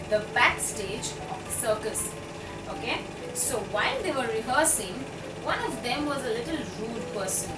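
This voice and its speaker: Slow-spoken woman phonics teacher. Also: on the high side. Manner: sounds out letters one by one, exaggerated enunciation. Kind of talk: slow, clear classroom teaching for young children. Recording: echoey room, voice a bit distant from mic, audible background noise.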